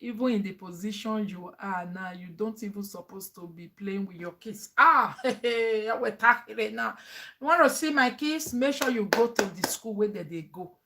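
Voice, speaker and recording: A woman's voice: medium pitch, moderate pace, sharp tone. A woman with a Nigerian accent, a mother chatting animatedly in a family vlog, laughing often and mixing English with pidgin.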